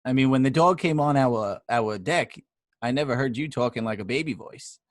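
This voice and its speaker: A man's voice: mid-range voice, moderate pace, dry recording. Teasing New man, dry close sound. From New York. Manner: joking, teasing banter. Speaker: podcast co-host. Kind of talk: casual chat.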